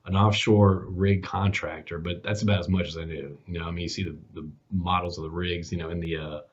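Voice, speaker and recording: A man in his forties, a podcast host appearing as a guest, tells a career story in a casual interview, his low voice barely shifting in pitch as he talks fairly quickly. He rambles with many fillers and acts out the dialogue. The podcast audio is dull and lo-fi.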